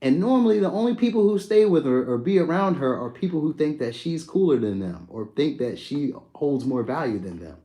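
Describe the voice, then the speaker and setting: A young adult man hosting a live stream, chatting casually and answering viewers' comments by name in a relaxed, slangy way. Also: on the high side, brisk, hardly any pauses. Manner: laid-back, slangy, talks to viewers by name.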